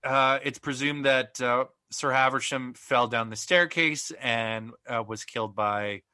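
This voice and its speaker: A man's voice: mid-range voice, a little slow, bright, forceful tone, clean tone, no room sound. A man co-hosting a podcast in casual chat, recapping plot at length with plenty of ums and uhs. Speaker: podcast co-host.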